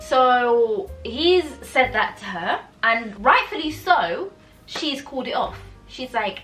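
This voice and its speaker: A young woman in a casual reading vlog at home, chatting with animated, exasperated energy and laughing between thoughts. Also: high voice, normal speed. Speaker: book vlogger. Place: home room in the evening. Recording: voice a bit far from mic with music.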